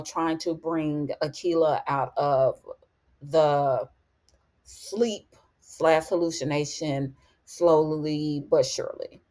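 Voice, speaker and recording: A woman with a low, slightly mellow voice hosts a TV episode recap. She tells it as chatty storytelling, packed with fillers, asides, and plenty of "you know" and "honey."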